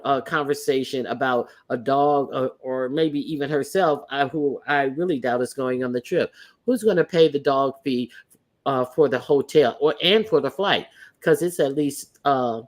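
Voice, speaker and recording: A woman hosting a casual livestream, swearing freely and speaking bluntly. She trips over fillers and restarts as she rants. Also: sits low. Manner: hesitant, lots of fillers and restarts; sassy, blunt, profane. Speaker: livestream host.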